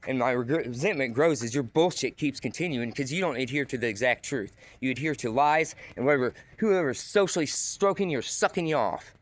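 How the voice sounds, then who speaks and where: A man's voice: mid-range voice, fairly quick, few pauses. A man ranting in an agitated, accusatory monologue to the camera. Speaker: vlogger.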